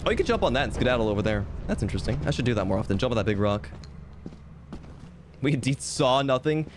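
A man's voice: medium pitch, animated, fast, background noise. A man streaming a game, rambling through casual commentary with playful, self-mocking jokes, with piano game music behind him.

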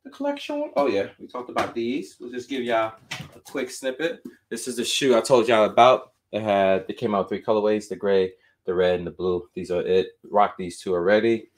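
A man's voice: lowish voice, fairly even intonation, moderate pace, slight background noise. A man running a casual live stream at home, showing off his sneaker collection in a loose, chatty way, a little out of breath. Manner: loose and chatty, drifts between sing-song muttering and explaining. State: winded, out of breath. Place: home room full of shoes.

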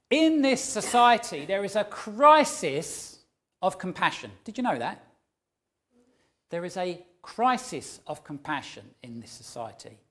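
Male preacher, sermon, slow deliberate pace, earnest, emphatic. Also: fairly high pitch, a bit bright. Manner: earnest, emphatic, story-telling delivery. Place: church.

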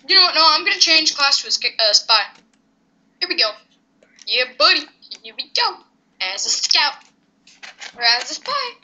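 A gamer chatting casually with a friend over gameplay, excitable and jokey, blurting quick reactions. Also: high-pitched. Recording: dull lo-fi mic.

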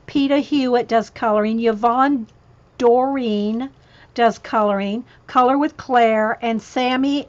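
Woman, casual craft livestream, rambling and chatty, a bit hoarse, higher voice, muffled sound. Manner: chatty, rambling, breaks off to talk to her cat. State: voice getting worn. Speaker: craft vlogger reading a list of channels. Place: home craft room with a ring light.

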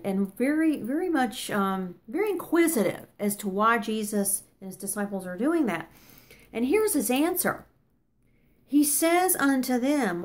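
A woman teaching a neighborhood Bible study in an earnest, conversational way. She reads scripture aloud and then explains it plainly. Her voice sits at an ordinary middle pitch.

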